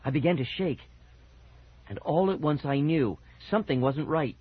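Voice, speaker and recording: A man narrating an audiobook with expressive storytelling. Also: fairly high pitch, moderate pace, slightly rough, no echo. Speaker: audiobook reader. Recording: dull old cassette audio.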